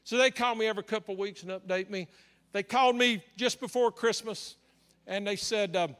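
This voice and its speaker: A male pastor preaching through a story, humorous and anecdotal. His voice sits high for a man and sounds bright and forceful. It carries through a large church hall with a long reverb. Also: brisk, clean tone. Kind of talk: sermon storytelling.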